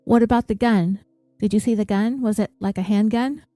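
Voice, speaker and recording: A woman voicing a calm emergency dispatcher who asks steady, reassuring questions. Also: mid-range voice, a little fast, dry recording, clean studio sound, faint music behind, lightly acted. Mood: steady questioning.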